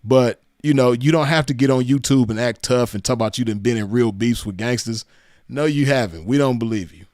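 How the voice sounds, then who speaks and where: A man with a Southern California accent hosts a reaction show, mocking what he hears and breaking into laughter as he repeats phrases. His voice is mid-pitched and recorded close and dry. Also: fairly quick, darkish tone, no room sound. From Los Angeles County. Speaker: commentary host reacting to clips. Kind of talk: casual reaction commentary.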